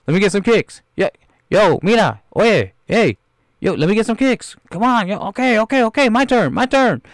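An impatient young guy wheedles and pushes for his turn in a raised, eager voice, as a man puts him on. He is restless and insistent, and he jumps all over his pitch. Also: lively intonation, normal speed, no room sound, clean studio sound. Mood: eager pushy. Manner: pushy, wheedling.

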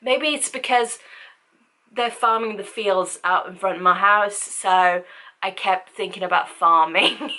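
A woman's voice: medium pitch, unhurried, bright, forceful tone. A woman vlogging a casual book review, rambling and chatty with lots of fillers.

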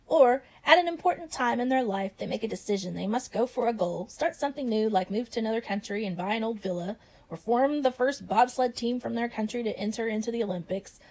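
A woman teaching story writing by reading example stories aloud in a clear, expressive way. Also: fairly high pitch, rough recording.

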